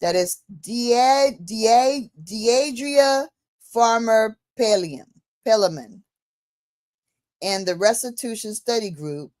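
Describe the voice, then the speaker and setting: A woman in a casual discussion, telling a story in an animated way and acting out the dialogue. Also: a little high, dry recording.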